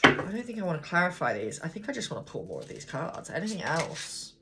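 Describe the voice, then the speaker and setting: A woman's voice: deep voice, wildly swooping pitch, fast, very noisy. A woman giving a casual tarot card reading, thinking aloud, talking straight to viewers and swearing freely. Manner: chatty, blunt, swears freely. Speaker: tarot reader.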